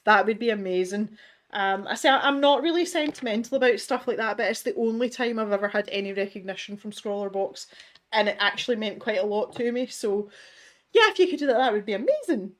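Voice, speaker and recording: A middle-aged Scottish woman, medium in pitch and fairly quick, hosts an art livestream from her home studio. Reading viewer comments, she chats casually and self-deprecatingly, laughing often and restarting her sentences.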